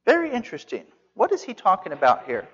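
A man's voice: high-pitched, huge pitch swings, quick pace, a bit bright, husky. A man preaching an expository sermon, earnest and emphatic, repeating phrases for stress. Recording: dull sound with long hall reverb.

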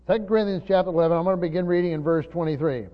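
Guy preaching a sermon, kinda high voice, earnest, talking right to the congregation, muffled recording. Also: very fast. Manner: earnest teaching tone, addresses the congregation directly. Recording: dull lo-fi sound with long reverb of a large hall.

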